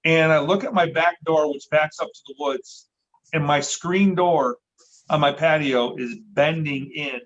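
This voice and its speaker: A man's voice: fairly high pitch, a little slow, a bit bright. A middle-aged man, a podcast guest, telling a story casually and acting out the voices he quotes, with the odd swear word. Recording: dull lo-fi recording.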